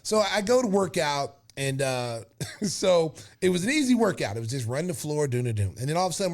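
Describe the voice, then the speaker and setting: Male podcast host, 50s, higher-pitched, animated storyteller who laughs a lot. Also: fairly quick, creaky. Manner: lively, laughs often while telling stories.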